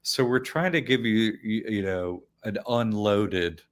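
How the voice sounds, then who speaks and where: This is a male host with a low voice, talking casually to his audience. He rambles and often restarts his sentences, with frequent light laughs. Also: a little slow. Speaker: host of an online academy show. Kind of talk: casual chat.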